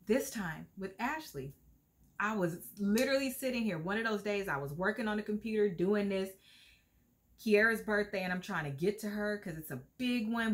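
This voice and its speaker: A middle-aged woman vlogging to camera in a heartfelt, earnest way, at times close to tears. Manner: heartfelt, earnest, lively pitch swings. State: emotional, near tears at times. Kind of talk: casual talk to camera.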